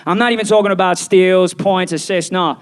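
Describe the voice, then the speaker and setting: High-voiced playful stand-up comedian man. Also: brisk, clean tone. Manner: animated, playful, acts out quoted voices. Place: small venue with live audience.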